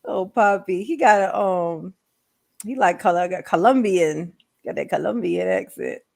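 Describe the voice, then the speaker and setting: A giggly, rambling woman streamer, slow and lively. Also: on the low side, creaky. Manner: giggly and rambling, laughs often. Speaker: live streamer. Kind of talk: casual live-stream chat.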